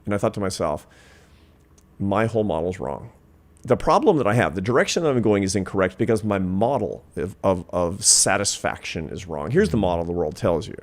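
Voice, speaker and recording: Brief: man, 50s, low voice, interview guest, reflective storyteller who lands his points with force. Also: animated, a little fast, hardly any pauses. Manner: earnest, reflective, builds to emphatic points. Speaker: guest, social scientist.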